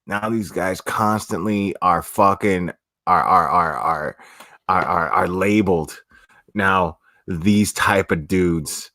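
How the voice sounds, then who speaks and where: A man's voice: sits low, takes it slowly, sharp tone, no echo, clean studio sound. A man from South Florida with a South Florida accent, chatting casually on a livestream and answering comments in a rambling, profane way with many restarts. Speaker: streamer.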